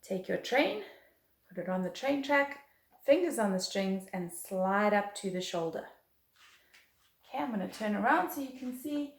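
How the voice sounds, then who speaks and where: Woman, violin teacher, upbeat and encouraging, slightly high pitch, echoey room. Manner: patient, encouraging, counts and chants rhythms aloud. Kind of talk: beginner music lesson. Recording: roomy echo.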